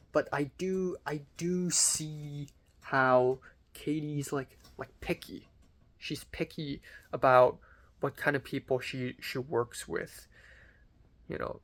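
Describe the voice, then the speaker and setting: A man's voice: fairly high pitch, fairly bright tone. A young man talking casually in a diary-style vlog, rambling with lots of fillers and the odd swear word. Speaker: vlogger.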